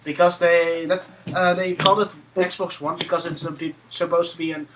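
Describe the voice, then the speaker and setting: A man co-hosting a casual gaming podcast over an online call, blunt and quick to swear. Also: fairly high pitch, flat delivery, fairly bright tone, slight background noise, rough recording.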